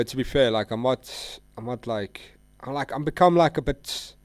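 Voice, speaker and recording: A man hosts a live trading stream, chatting loosely and rambling in slang, constantly saying "bro" and "like." His voice is mid-range at a moderate pace, with no room sound.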